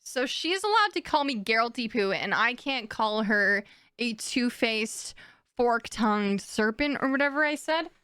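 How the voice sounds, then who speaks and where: High, profane woman game streamer. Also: animated, measured pace, pushed and bright, clear, resonant tone, dry recording, clean studio sound. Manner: profane, exasperated ranting. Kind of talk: live gameplay commentary. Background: game music.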